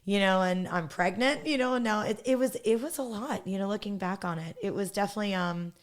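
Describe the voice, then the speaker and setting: A woman's voice: medium pitch, brisk. A woman in her thirties, a podcast guest, telling her story bluntly and candidly, laughing often.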